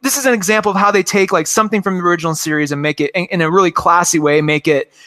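A man's voice: high-pitched, rapid-fire, bright, forceful tone. A man in his forties chatting enthusiastically about cartoons, rambling with lots of fillers. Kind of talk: casual chat about cartoons.

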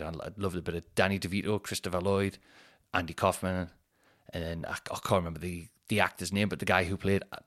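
Rambling man, lowish voice. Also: a bit bright. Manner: rambling, self-deprecating, swears casually. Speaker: comedian podcast host. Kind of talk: casual solo chat.

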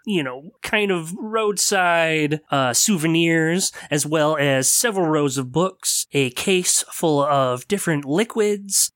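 Slow-talking game master man. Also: on the high side, fairly bright tone, no room sound, clean studio sound. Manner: laid-back, with frequent laughs and fillers. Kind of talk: narrating a tabletop game.

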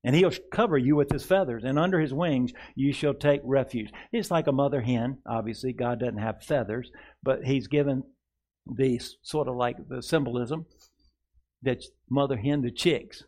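A man's voice: medium pitch, darkish tone. Man preaching call-and-response. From rural upbringing. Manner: leads the congregation in slow call-and-response declarations; reads scripture aloud, then asks "Amen?" and "All right?". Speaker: pastor. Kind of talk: sermon.

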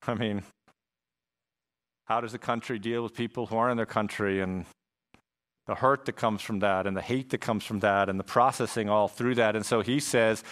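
A man's voice: on the low side, fairly even intonation, normal speed, fairly bright tone. A man preaching a sermon in a casual, conversational way, full of slang and asides. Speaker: pastor.

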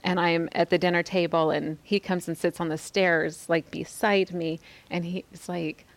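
A woman in her forties, a podcast host, reflectively sharing a personal faith testimony with a women's group, often pausing and dropping to a hushed near-whisper. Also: fairly low pitch, level tone. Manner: reflective, soft-spoken, pauses often.

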